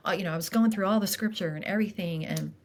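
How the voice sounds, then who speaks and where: Speaking with medium pitch over slight background noise, a middle-aged woman guests on a podcast about grief. She's earnest and visibly emotional, her talk broken by fillers and restarts.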